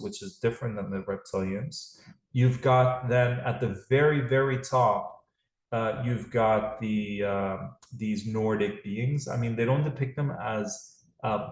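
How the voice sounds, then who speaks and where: A man's voice: fairly low pitch, reverberant, poor audio. A man hosting a live call series, talking in a rambling, casual way with many restarts. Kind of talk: casual livestream talk.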